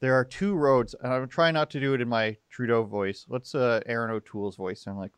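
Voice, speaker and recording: A man's voice: mid-range voice, fairly quick, smooth, dry recording. A young man hosting political commentary, sarcastic and mocking as he picks apart statements. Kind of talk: opinionated live commentary.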